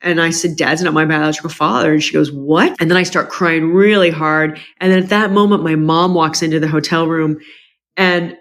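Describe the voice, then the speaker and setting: Speaking a little fast in a low voice, this woman is being interviewed on a podcast. She tells her own story frankly and emotionally, restarting many times, and animatedly mimics her relatives' words in a lifted voice.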